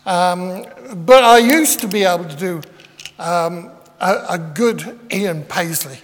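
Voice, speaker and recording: A man's voice: sits high, slow. A man preaching a rambling, self-deprecating, conversational sermon with many fillers. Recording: long hall reverb.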